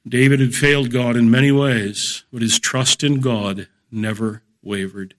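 A middle-aged man giving a measured, emphatic Bible lecture, explaining a psalm verse by verse. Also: mid-range voice, steady tone. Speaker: Bible teacher.

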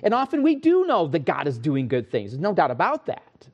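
An earnest man delivers a sermon from the pulpit, his voice sitting a touch higher than most men's. He leans on key phrases slowly and firmly, then loosens up with folksy asides and quick self-corrections. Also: wildly swooping pitch, muffled recording. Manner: earnest, emphatic preaching with slow stressed phrases. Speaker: pastor.

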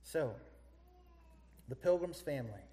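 Animated preacher man in an echoey hall. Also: fairly high pitch, a little slow. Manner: animated, rhetorical questions to the congregation. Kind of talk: sermon.

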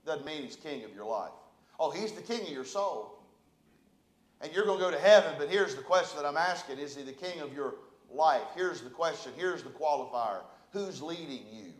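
Pastor preaching, voice sits high, big echoey church room. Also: male voice, animated, normal speed. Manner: preaching, builds from quiet to loud passionate calls. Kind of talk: sermon. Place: church sanctuary.

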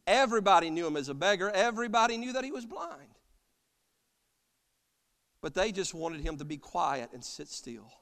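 A man preaching an impassioned sermon as pastor, swinging from loud cries to soft, quiet lines. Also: sits high, very animated, moderate pace, pauses often. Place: church sanctuary. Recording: long church reverb.

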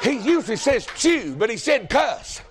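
Man, pastor, very high voice, folksy sermon, shouting preacher. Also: very animated, normal speed. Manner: folksy, joking, builds to shouting.

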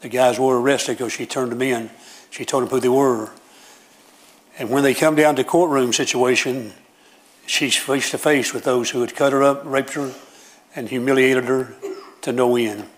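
Man, middle-aged pastor, earnest sermon, conversational storytelling, mid-pitched voice. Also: steady tone, moderate pace, poor audio.

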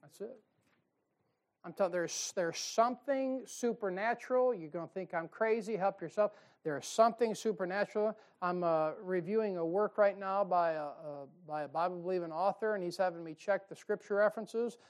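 A male pastor preaches in a church. His delivery is folksy and emphatic. It swings from quiet, confiding asides to loud, heated bursts. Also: high voice, normal speed. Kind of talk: fiery sermon. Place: church sanctuary.

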